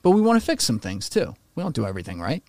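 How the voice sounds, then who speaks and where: A man in an easygoing podcast conversation, opinionated and animated, swearing now and then. His voice sits in a middle pitch. The sound is dry and close, with no room echo. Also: very fast.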